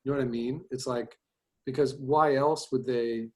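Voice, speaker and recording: A man's voice: medium pitch, fairly even intonation, moderate pace, darkish tone. A man teaching an online class, giving chatty, rambling feedback on student storyboards, with many fillers and restarts. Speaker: storyboard instructor. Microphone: video call.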